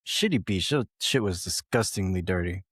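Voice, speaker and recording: A man's voice: deep voice, animated, moderate pace, fairly bright tone, slightly rough, no room sound, clean studio sound. A man on a podcast telling a rambling, profane story in casual talk, full of fillers.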